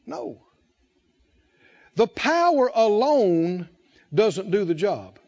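A man preaching a sermon, drawing the congregation in with questions and emphatic, drawn-out phrases. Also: sits high, very animated, darkish tone, dull audio. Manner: call-and-response preaching, rising and falling emphasis, drawn-out phrases.

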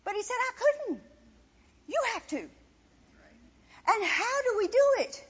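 Woman preacher, very high voice, lively swings, emphatic sermon, long hall reverb, dull lo-fi sound. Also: a little slow. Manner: impassioned, emphatic, repetitive preaching.

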